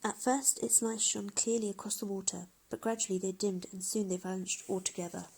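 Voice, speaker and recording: A woman reading a children's picture book aloud in a gentle, expressive way. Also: mid-range voice, a little fast, vocal fry, slightly rough. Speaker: storyteller. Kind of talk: children's story read-aloud.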